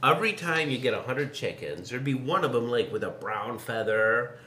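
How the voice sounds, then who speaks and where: A man hosting a casual interview, playful and laughing, telling a lively story. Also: medium pitch, moderate pace, roomy sound, slight background noise. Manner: playful, laughing, acts out voices in stories. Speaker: host.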